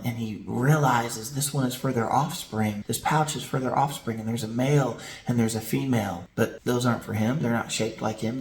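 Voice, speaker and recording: A male pastor with a medium-pitched voice preaches a sermon, telling stories vividly and posing rhetorical questions in an animated way. The recording has a roomy echo and slight background noise.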